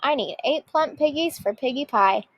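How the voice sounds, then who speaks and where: A woman's voice: high-pitched, animated, moderate pace. A woman doing a screeching grouchy witch. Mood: shouting. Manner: screeching, shouting, cackling.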